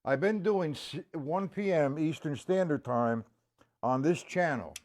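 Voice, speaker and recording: A man's voice: a little high, animated, a little slow, a little mellow. A man teaching a live-streamed drum lesson in a casual way. He greets viewers by name and counts beats aloud. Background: drums and music.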